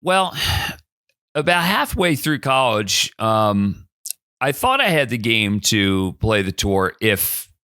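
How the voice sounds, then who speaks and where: Bright-voiced man telling a golf story. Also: fairly low pitch, slow, clean tone, no echo, studio quality. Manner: animated, acts out dialogue in the anecdote. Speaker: podcast guest. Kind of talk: casual storytelling.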